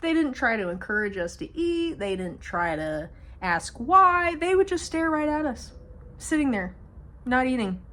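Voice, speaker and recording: A young woman vlogger telling a storytime monologue to her camera, swearing freely and speaking with animated emphasis. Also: sits high, a little slow.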